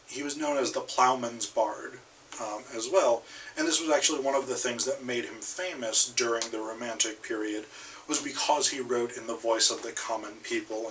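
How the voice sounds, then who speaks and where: A man's voice: mid-range voice, bright, forceful tone, distant mic, a little hiss or hum, poor audio. An American man giving a casual recorded literature lecture, hesitant with many ums and restarts. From United States. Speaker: literature instructor.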